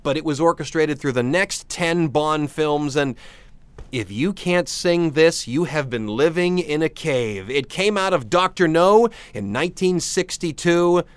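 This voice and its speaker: A man's voice: on the high side, lively intonation, a little slow, clean tone, dry recording. A man hosting a casual radio show, chatty and enthusiastic, joking with his co-host.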